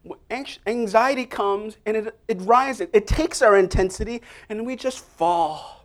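A man preaching an energetic sermon, prompting listeners to repeat phrases to each other. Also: sits high, unhurried. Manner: energetic, call-and-response prompts to the congregation.

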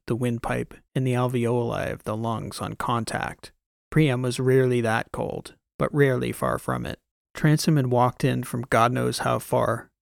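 A man narrating a science fiction audiobook in the first person, in a steady, measured way. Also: mid-range voice, gravelly, dry recording, clean studio sound.

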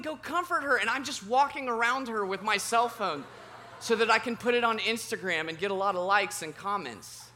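A man's voice: extremely high pitch, slight background noise. A man in his thirties preaching to a live audience in a meeting room, praying and then telling funny stories while quizzing the crowd. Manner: animated and self-deprecating, asks the audience questions. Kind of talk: sermon with prayer and humorous storytelling.

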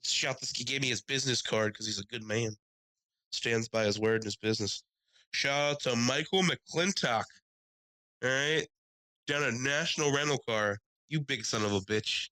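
A man telling a story in casual podcast chat, animated, acting out the people he quotes. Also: moderate pace, dry recording, rough recording. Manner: animated, acts out quoted people in higher voices. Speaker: podcast co-host.

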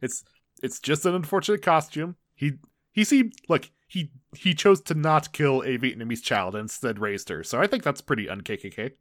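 A man's voice: mid-range voice, normal speed, a bit bright, dry recording. Casual young guy recapping a show, keeps laughing and restarting sentences, dry close mic. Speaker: podcast co-host.

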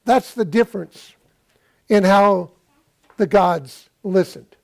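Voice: mid-range voice, takes it slowly, vocal fry. A pastor preaching a sermon, retelling a scripture story and asking the listeners rhetorical questions.

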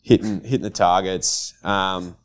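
Male guest, low voice, relaxed storyteller who laughs along. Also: a little slow. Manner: laid-back, laughs through his stories. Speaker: podcast guest. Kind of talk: casual chat.

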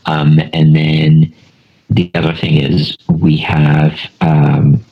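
A man's voice: a bass voice, little pitch movement, slow pace, creaky. A man from Buffalo, New York, a podcast guest telling a story in a rambling, casual way with many restarts. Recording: dull lo-fi recording.

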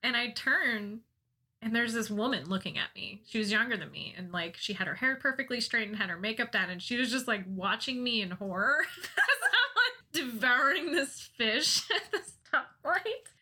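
Bright, laughing woman telling a story. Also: on the high side, normal speed, husky. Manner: laughs often while telling stories; animated, self-mocking, swears casually. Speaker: podcast co-host. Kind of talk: casual storytelling chat.

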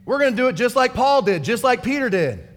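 A male pastor preaching a fervent, excitable sermon in a church hall. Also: very high voice, a little fast.

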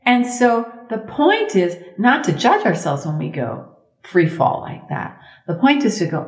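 A middle-aged woman, a sound healer speaking as a guest in a conversational interview, expressive and emphatic, leaning on slow repetitions. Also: medium pitch, roomy sound. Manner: expressive, acts out inner thoughts in quoted voices.

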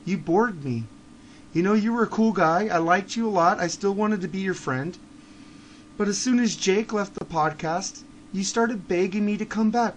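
A man with a high-pitched voice rants on his podcast, blunt and profane. He drops into low mutters, then builds to heated shouting, with faint ambient noise behind him. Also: moderate pace. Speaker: podcast host. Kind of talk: ranting monologue.

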